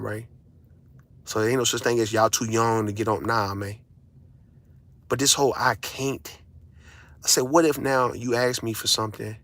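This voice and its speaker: A man's voice: fairly low pitch, fairly bright tone. Blunt, profane man ranting at his audience. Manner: blunt, profane and emphatic, lecturing with repeated phrases. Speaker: father addressing his audience. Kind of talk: casual ranting monologue.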